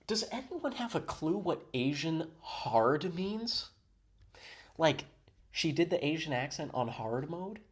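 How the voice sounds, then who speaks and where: A man hosting a reaction video, giving sarcastic, mock-admiring commentary. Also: a little high.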